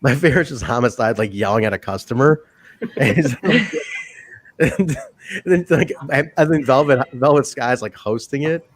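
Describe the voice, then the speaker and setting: A man's voice: medium pitch, moderate pace, dry recording. A man co-hosting a casual podcast chat, telling profane backstage stories and acting out quotes in funny voices. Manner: profane storyteller, acts out quotes. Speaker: podcast co-host.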